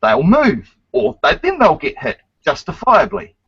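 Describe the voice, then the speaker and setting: A man's voice: high-pitched, huge pitch swings, measured pace, gravelly, fairly bright tone, husky, no echo. A man hosting a casual online chat, lecturing emphatically and swearing often. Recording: dry, dull lo-fi sound.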